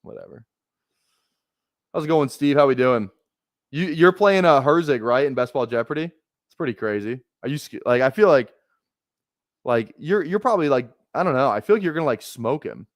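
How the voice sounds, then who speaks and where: A young man hosting a casual live stream, talking fast in rambling bursts with restarts and plenty of swearing. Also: mid-range voice, lively intonation, no echo, clean studio sound. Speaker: fantasy football streamer.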